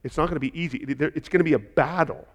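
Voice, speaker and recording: A man's voice: a little high, racing. Fervent man preaching in a reverberant hall. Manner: impassioned, building to loud emphatic preaching. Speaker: pastor. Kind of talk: sermon.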